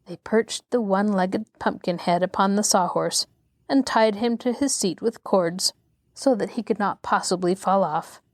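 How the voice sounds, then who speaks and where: Calm woman reading a storybook aloud. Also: mid-range voice, no room sound, studio quality. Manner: calm and measured. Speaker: host and storyteller. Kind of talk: reading a children's classic aloud.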